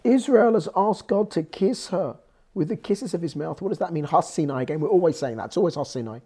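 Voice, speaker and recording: Brief: croaky-voiced man teaching scripture, husky tone, lively pitch, bursts loud to drive points home. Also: fairly quick. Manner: animated, swings from low explaining to loud exhortation. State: hoarse, croaky voice. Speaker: Torah teacher. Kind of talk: lecturing on scripture.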